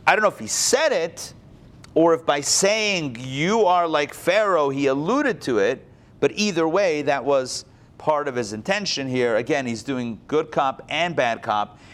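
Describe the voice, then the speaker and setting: A man's voice: fairly high pitch, expressive, unhurried. A man teaching a casual Bible class, talking conversationally with many restarts.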